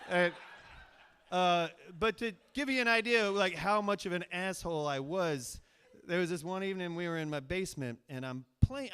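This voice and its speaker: Brief: man from Virginia, high voice, live stage storyteller, rambling and self-mocking, full of fillers. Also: clear, resonant tone. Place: stage of a cultural center, live audience.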